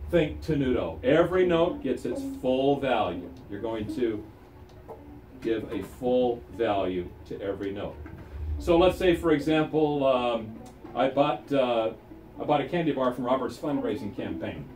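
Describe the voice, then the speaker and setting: Animated male music teacher in an echoey room. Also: mid-range voice, normal speed. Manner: animated, counts the class in, call-and-response drills. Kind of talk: classroom instruction. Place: school music room with string ensemble. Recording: echoey room, recorded from far off, strings playing.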